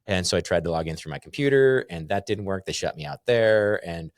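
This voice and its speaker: With a low voice and brisk delivery, a middle-aged man from North Idaho tells stories as a podcast guest in a casual conversation. Laughing often, he animatedly acts out dialogue, captured in a dry, clean studio recording.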